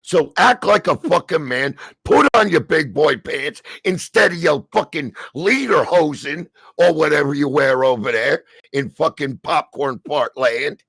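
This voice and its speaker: A middle-aged man with a New Jersey accent, delivering a heated, profanity-filled rant on a stream, stammering and shouting as he goes. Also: on the high side, expressive, a little slow, gravelly, husky, no room sound. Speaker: stream co-host. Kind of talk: angry ranting commentary.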